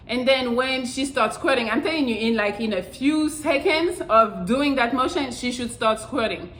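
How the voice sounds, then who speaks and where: A woman's voice: high voice, normal speed, a bit bright. Blunt, profane woman vlogger. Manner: blunt, profane, repeats "I'm telling you". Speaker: channel host. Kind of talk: casual how-to vlog. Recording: roomy echo.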